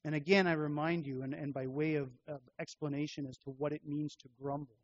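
A man's voice: on the high side, flat delivery. Man preaching a sermon, lo-fi. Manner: measured expository preaching, repeating phrases for emphasis. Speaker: pastor.

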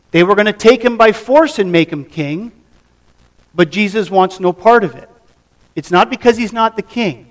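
A man preaching a sermon, reading scripture aloud and then explaining it with measured emphasis. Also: high voice, far from the mic. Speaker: pastor.

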